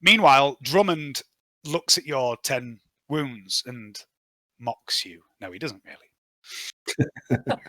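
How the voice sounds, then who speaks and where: A man's voice: medium pitch, expressive, slow pace, long pauses, bright, forceful tone, dry recording. A man running a tabletop role-playing game as game master, thinking aloud and hesitating with fillers as he checks rules and gear.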